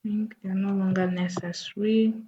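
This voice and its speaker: A woman teaching a coding lesson over a screen recording, thinking aloud slowly as she types. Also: mid-range voice, flat delivery, dark tone, muffled recording, a little hiss or hum. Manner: slow, thinking aloud while typing. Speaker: coding tutor.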